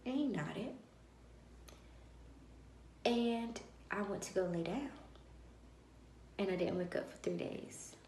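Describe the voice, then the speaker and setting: A woman vlogger telling a personal story in a lively way and acting out the dialogue of others. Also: mid-range voice, takes it slowly, pauses often, slight background noise. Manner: animated, acts out dialogue. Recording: roomy echo.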